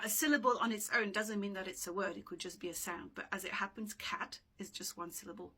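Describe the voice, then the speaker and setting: A woman's voice: medium pitch, pushed and bright, breathy edge. A woman teaching dictionary pronunciation in a casual video lesson, explaining patiently and checking in with "okay?" as she goes, recorded without a microphone. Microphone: no microphone, voice drifts from the camera. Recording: room sound, voice sometimes far from the mic.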